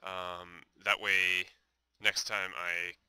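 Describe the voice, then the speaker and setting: Low-voiced man thinking aloud over gameplay. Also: little pitch movement, drawn-out words, bright, forceful tone, clean tone, dry recording. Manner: thinking aloud, hesitant with many fillers. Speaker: gameplay commentator. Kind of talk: casual gameplay commentary.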